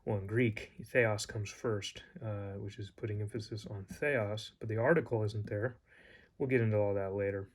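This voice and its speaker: A man's voice: on the low side, steady tone, normal speed. A man teaching a casual lesson, rambling and hesitant with many fillers and restarts. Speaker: Greek teacher.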